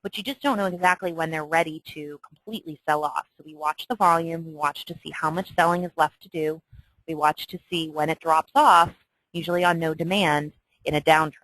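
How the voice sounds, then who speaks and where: A woman teaching a trading lesson in a chatty way, walking through a chart and checking in often with "okay?", with excitable asides. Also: deep voice, a little fast, dry recording, poor audio. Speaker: trading instructor. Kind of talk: screen-share lesson walkthrough.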